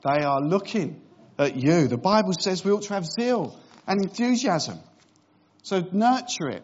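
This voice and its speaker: Middle-aged man preaching, fairly high voice, chatty with dry jokes, muffled lo-fi sound. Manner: conversational preaching with wry humorous asides. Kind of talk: sermon.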